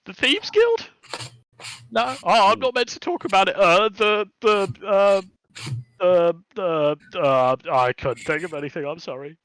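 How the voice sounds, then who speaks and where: A man's voice: sits high, animated, measured pace, fairly bright tone, no room sound, pitched above the performer's own voice, heavily acted. A man voicing a small, terrified male kobold thief who stammers and apologizes nonstop. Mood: stammering.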